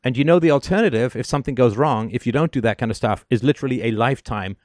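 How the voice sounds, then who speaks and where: A man's voice: mid-range voice, fast, darkish tone, no room sound, clean studio sound. A man hosting a call-in show, giving advice in an emphatic, sardonic monologue and often asking "right?".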